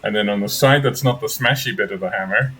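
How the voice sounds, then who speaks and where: A man's voice: on the low side, fast, over a noisy crowd, rough recording. A man running a tabletop game as game master, rambling and hunting for words with playful made-up terms.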